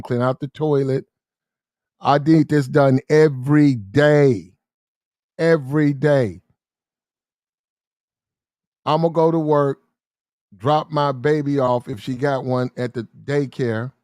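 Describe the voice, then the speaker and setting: A man's voice: mid-range voice, fairly even intonation, no echo, studio quality. A man in a casual monologue, rambling and repetitive in slangy street talk, often acting out heated arguments. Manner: quick shifts into acted-out shouting arguments.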